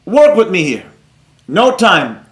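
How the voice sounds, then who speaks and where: A man teaching a live trading class, blunt and excitable, rambling off on tangents while reading viewers' comments and scolding them. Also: high voice, takes it slowly, roomy sound.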